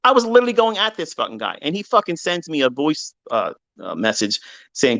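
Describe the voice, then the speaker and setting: A man hosting a live online audio chat, ranting heatedly and profanely, swinging between loud outbursts and low mutters. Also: wildly swooping pitch, brisk, creaky. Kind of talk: heated unscripted rant. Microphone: online audio room.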